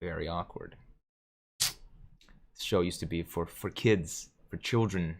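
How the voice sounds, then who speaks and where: A man with a deep voice hosts a live stream, slowly reading viewers' comments and pausing often. He jokes casually and lets out frequent chuckles between comments.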